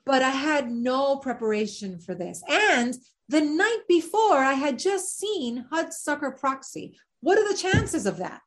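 A woman, an actress and singer, telling a lively anecdote as a podcast guest. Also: sits high, measured pace, hardly any pauses. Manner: lively, acts out quoted voices.

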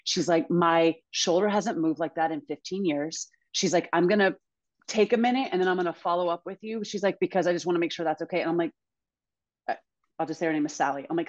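A woman in her thirties, a guest movement coach telling stories in casual interview chat, animated and quick to laugh. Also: fairly low pitch, lo-fi sound. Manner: animated storyteller, laughs often, acts out quotes.

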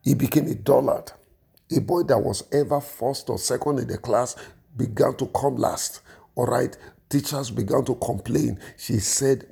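Fervent preacher, gravelly husky voice. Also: male voice, medium pitch, darkish tone. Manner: fervent, repeats phrases and restarts. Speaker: pastor. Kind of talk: sermon with prayer.

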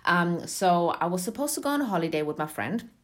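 A young woman being interviewed, telling a personal story in a lively, chatty way and laughing often. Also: fairly low pitch, fairly quick. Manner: animated, laughs often, acts out quotes. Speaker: interview guest. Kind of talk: casual storytelling in conversation.

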